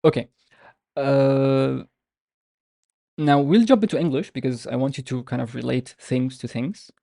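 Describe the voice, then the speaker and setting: Man teaching, low gravelly voice. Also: mellow, no echo, studio quality. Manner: explanatory, with frequent restarts and drawn-out example words. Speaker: language teacher. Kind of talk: online language lesson.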